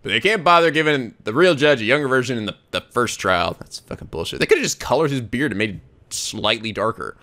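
A young man giving excitable, laughing let's play commentary and putting on silly voices for the game characters. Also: medium pitch, brisk.

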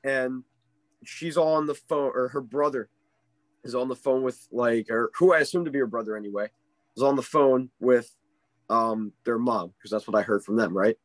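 A man who works as a ski instructor tells a story in a casual interview. He is animated and keeps checking in with "right?". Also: medium pitch, normal speed, dry recording.

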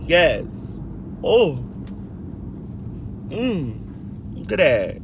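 A woman's voice: medium pitch, big pitch swings, slow pace, long pauses, fairly bright tone, breathy edge. A woman in her forties, telling stories to her viewers in a sassy, chatty way while driving, calling them girl and honey. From Georgia, US. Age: 40s. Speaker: livestream host. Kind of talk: casual storytelling to viewers. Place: inside a car while driving. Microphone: phone. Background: car and road noise.

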